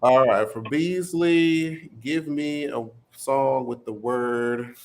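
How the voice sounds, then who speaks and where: A man running a song-word game in a casual group chat, prompting the others in a relaxed, teasing way. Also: mid-range voice, slow pace. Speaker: game segment leader.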